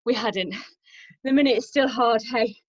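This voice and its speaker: A woman's voice: on the high side, moderate pace, dull audio. A woman leading a home workout, upbeat and encouraging, out of breath as she counts reps and cheers people on. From England. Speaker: fitness instructor. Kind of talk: live workout instruction.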